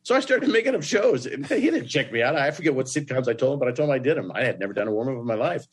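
A man from Indiana, a guest in an interview, telling stories in a lively way and jumping into other people's voices. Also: rapid-fire, breathy edge. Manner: animated, breaks into voices with big jumps up in pitch. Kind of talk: storytelling in an interview.

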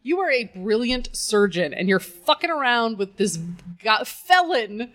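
A woman's voice: fairly high pitch, expressive, measured pace, a bit bright. A woman co-hosting a podcast in casual chat, sarcastic and profane, laughing often. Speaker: podcast co-host.

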